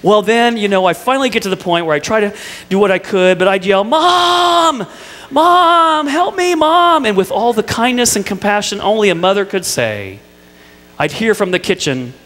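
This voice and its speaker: A man's voice: sits high, a little fast, fairly bright tone, long reverb tail. A middle-aged male pastor preaching a sermon, telling family stories with playful asides to the congregation. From Indiana. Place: church sanctuary.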